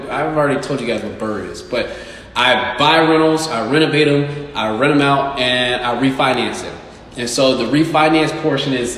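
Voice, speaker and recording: A man's voice: medium pitch, a bit bright. A man who is a real estate investor and agent, talking casually and bluntly to his followers, with emphatic, swearing delivery. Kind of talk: casual live-stream talk to followers. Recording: very echoey room with long reverb and faint noise.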